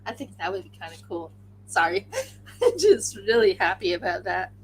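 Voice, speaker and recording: A tired woman hosting a crafting livestream, chatting casually and excitably, often talking to herself as she works. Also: lowish voice, normal speed, breathy edge, poor audio. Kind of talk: casual chat while crafting.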